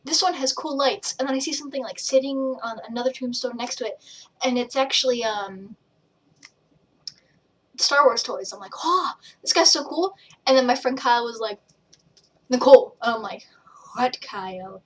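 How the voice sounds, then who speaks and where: A young vlogger and page admin chats casually to camera in a fairly high, evenly intoned voice, talking a little fast and sitting a bit far from the mic. She rambles from tangent to tangent and acts out what people told her.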